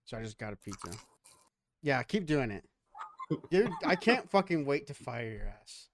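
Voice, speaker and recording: A man's voice: medium pitch, big pitch swings, moderate pace, a little hiss or hum. A man hosting a podcast, bantering casually with jokes and a lot of swearing. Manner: joking, profane banter. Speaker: podcast host.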